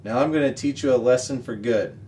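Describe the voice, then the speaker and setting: A man's voice: medium pitch, a little fast, a little mellow, a little hiss or hum, close to an everyday voice. A man reading aloud, voicing a cruel grown man who threatens and barks orders. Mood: threatening.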